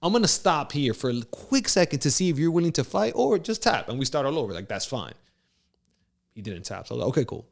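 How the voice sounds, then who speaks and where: A man co-hosting a casual podcast, telling a story with lively acted-out quotes and frequent laughs. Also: fairly high pitch, quick pace, vocal fry. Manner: animated storyteller, acts out quotes, laughs often. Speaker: podcast co-host.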